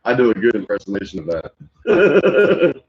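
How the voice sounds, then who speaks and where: An animated man hosts a stream, reacting to videos in casual chat, telling stories, laughing often and slipping into impressions. His voice is medium-pitched, unhurried and slightly rough, heard through muffled lo-fi audio.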